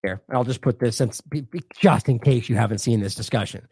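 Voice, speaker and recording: A man's voice: medium pitch, fairly quick, creaky, a little mellow, slightly rough, no echo, studio quality. A man hosting an independent news show, delivering indignant, sarcastic commentary with heavy emphasis.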